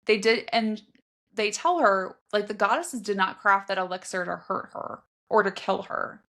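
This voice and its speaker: Bright-voiced woman co-hosting a book podcast. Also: medium pitch, normal speed. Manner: expressive, acts out quotes. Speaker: podcast co-host. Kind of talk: casual book chat.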